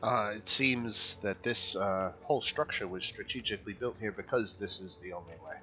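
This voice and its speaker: A man narrating as dungeon master of an online tabletop game, pausing often with fillers as he reads the rules. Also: fairly low pitch, sharp tone. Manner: hesitant, many uh fillers while reading rules. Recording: dull lo-fi voice chat with faint music.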